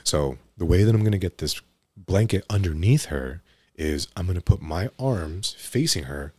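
A man's voice: low-pitched, expressive, moderate pace, a little mellow, breathy edge, dry recording. A young man, an EMT guest on a podcast, telling work stories casually, with restarts and frequent "right?" tags.

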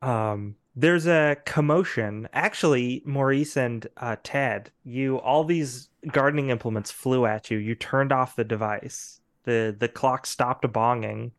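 A man narrating as game master of a tabletop role-play game, halting and full of fillers, often breaking into laughter. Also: medium pitch.

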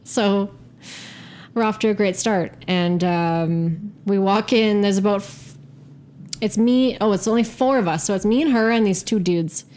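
A young adult woman telling a story in a casual podcast chat, animated, profane and self-mocking. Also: mid-range voice, measured pace. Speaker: guest storyteller.

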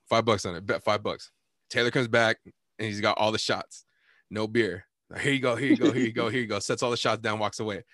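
A man in casual chat, telling a bar story in an animated, profane way, laughing and acting out what people said. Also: on the low side, dry recording, clean studio sound. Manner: animated, profane, laughs often, acts out quotes.

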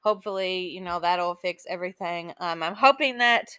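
A woman's voice: on the low side, moderate pace, fairly bright tone, clean tone, dry recording. A woman hosting a podcast, telling a personal story in a casual, emotional way, with many "like"s and "um"s. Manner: chatty, emotional storytelling full of "like" and "um". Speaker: podcast host.

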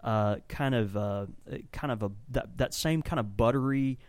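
A man's voice: mid-range voice, moderate pace. A man with an ordinary mid-range voice chats casually on a podcast, piling up eager descriptions. The sound is dry and close, with no room echo. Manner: enthusiastic, rambling, descriptive. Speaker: podcast co-host and tobacco shop blender. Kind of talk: casual chat. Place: tobacco shop.

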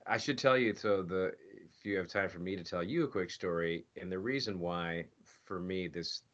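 A voice actor, a man with a deep but fairly bright voice, tells stories at a moderate pace during an interview. He's casual and animated, acting out lines he once said himself. The audio is dull and lo-fi.

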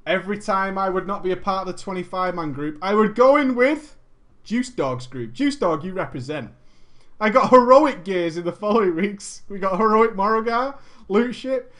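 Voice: medium pitch, expressive, normal speed, a bit bright. A person reading a gaming story aloud and mocking it, with sarcastic commentary, frequent laughter and swearing.

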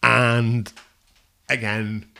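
A man's voice: mid-range voice, little pitch movement, vocal fry, bright, forceful tone. A man with a Scouse accent, a taxi-driving podcast co-host chatting casually and teasing his partner. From Liverpool, England. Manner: chatty, quick to tease. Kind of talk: casual chat.

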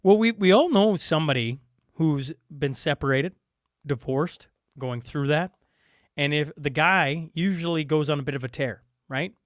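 Exasperated high-voiced man ranting. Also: normal speed, no echo, studio quality. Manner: exasperated, ranting, stumbles over words. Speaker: podcast co-host. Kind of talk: casual podcast chat.

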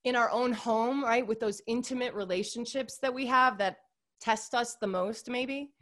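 Guest: bubbly woman, a touch high, chatty and effusive, sprinkles fillers everywhere. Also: moderate pace, a bit bright. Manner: gushing, upbeat, heavy use of "like" and "you guys". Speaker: podcast guest. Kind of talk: casual interview chat.

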